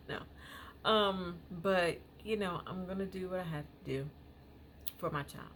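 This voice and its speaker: A woman's voice: fairly low pitch, unhurried, fairly bright tone, a little hiss or hum. A woman in her thirties, a parent vlogger talking casually to her viewers in a rambling way, full of "you know"s. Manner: rambling, filler-heavy, many "you know"s. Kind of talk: casual chat to camera.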